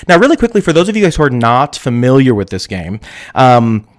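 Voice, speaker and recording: A young man hosts a live stream in a campy, giggly, sassy manner. His pitch is at an ordinary height but swings widely, jumping up into squeals and dropping down into murmurs. He talks casually and laughs often with his viewers. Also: lively intonation, normal speed. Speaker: host of a live stream show.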